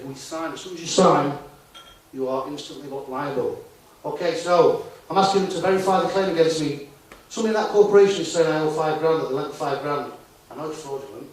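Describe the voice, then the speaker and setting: A man's voice: fairly high pitch, darkish tone. Male conference speaker, chatty and full of rhetorical questions, heard from far off in an echoey hall. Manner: conversational, asks the audience rhetorical questions. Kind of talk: live talk to an audience. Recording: echoey hall, distant mic, faint noise.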